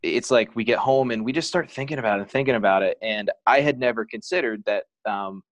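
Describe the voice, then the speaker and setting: A man appears as a podcast guest, sharing a personal story in a frank, open, casual way and leaning heavily on "like" as filler. His voice is fairly low and fairly quick, with no echo.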